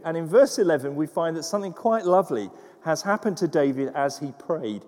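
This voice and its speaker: Male pastor, lively pitch, fervent sermon delivery, reverberant church hall. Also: normal speed. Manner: rises from quiet musing to loud fervent preaching.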